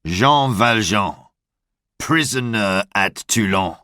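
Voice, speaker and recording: A man's voice: lowish voice, expressive, slow, bright, forceful tone, no room sound, clean studio sound, heavily acted. A man voicing a harsh police inspector who gives cold orders. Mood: stern. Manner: cold, commanding.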